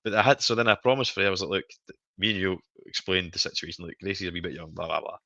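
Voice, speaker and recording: A man's voice: deep voice, fairly even intonation, rapid-fire, creaky, pushed and bright, no room sound, muffled recording. A Scottish man in his thirties hosting a casual live stream chat, telling stories animatedly and laughing often. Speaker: stream host.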